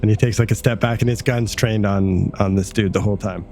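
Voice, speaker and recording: A man's voice: fairly low pitch, fairly even intonation, brisk, darkish tone, slight background noise. A man narrating a tabletop game as game master, casual and vivid. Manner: casual, vivid, laughing often.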